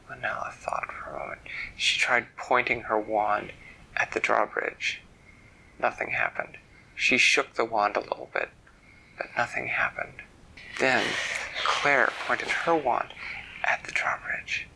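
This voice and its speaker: A man telling an improvised bedtime story in a soft, hushed voice, stopping to explain words. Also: medium pitch, steady tone, a little slow, vocal fry, pauses often, in a whisper, poor audio.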